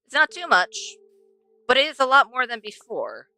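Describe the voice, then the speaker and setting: A woman's voice: high-pitched, wildly swooping pitch, moderate pace, gravelly, bright, forceful tone, no echo, soft background music. A young woman streaming a game, chatting to herself and to the animals she passes as she plays. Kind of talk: casual gameplay commentary.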